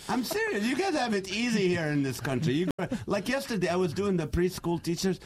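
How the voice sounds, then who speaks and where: Middle-aged Arabic-speaking man, lively comic storyteller guest. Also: high voice, noisy background. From Middle East. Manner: animated, laughing storyteller. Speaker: comedian guest. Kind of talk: casual chat with comic bits.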